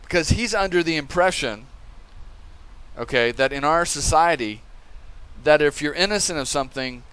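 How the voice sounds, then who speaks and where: A man's voice: on the high side, animated, moderate pace, a bit bright, clean tone. A man hosting a channel, giving casual commentary on old testimony and often tagging his points with "okay?". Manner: conversational, tags remarks with "okay?". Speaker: channel host reviewing testimony.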